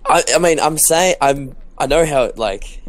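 A man's voice: on the high side, animated, a little slow. A young man chatting casually while co-hosting a game session, rambling and packing his talk with "like". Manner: rambling, lots of "like" fillers, upbeat. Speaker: gaming co-host.

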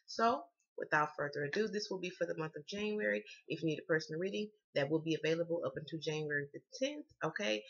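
A woman with a Southern US accent talks straight to her viewers as a tarot reader, loose, slangy and quick to cuss. Her voice sounds bright and sharp. The recording is dull and lo-fi, like a home setup. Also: deep voice, slightly rough. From Southern United States. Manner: chatty, slangy, swears freely. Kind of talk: casual tarot reading to camera.

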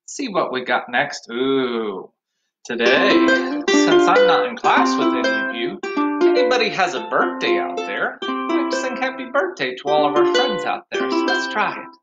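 A man's voice: on the high side, big pitch swings, moderate pace, lo-fi sound. A man teaching an online music class to young children, talking cheerfully and singing along with a ukulele.

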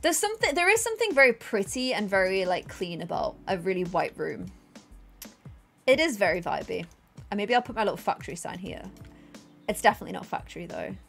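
A young woman streaming a game, chatting casually and thanking viewers, self-deprecating and bursting into excited squeals. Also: mid-range voice, fairly quick, creaky, soft background music. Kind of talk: casual livestream chat.

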